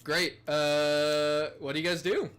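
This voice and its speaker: A man's voice: on the high side, flat delivery, takes it slowly, a bit bright, clear, resonant tone. A man running a tabletop game as game master, narrating in a playful way.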